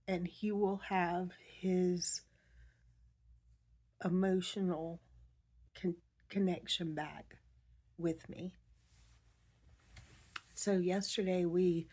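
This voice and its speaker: Middle-aged woman, soft and emotional personal monologue, slow and halting, fairly low mellow voice. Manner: soft-spoken, emotional, halting with many pauses. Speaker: vlogger.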